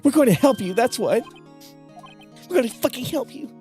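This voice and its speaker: A man's voice: very high voice, animated, moderate pace, a little mellow, faint music behind, pitched above the performer's own voice. A man voicing an earnest young male defense lawyer in a game, in a slightly raised voice. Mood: indignant.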